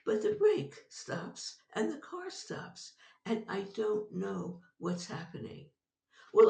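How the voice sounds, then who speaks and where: An older woman recounts a personal story at an unhurried pace, with lively rises and falls in her voice and often laughing as she talks. Her voice has a gravelly edge. She sounds a little distant from the mic, in a roomy, echoey space. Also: fairly low pitch. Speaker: guest, psychologist. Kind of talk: storytelling in an interview.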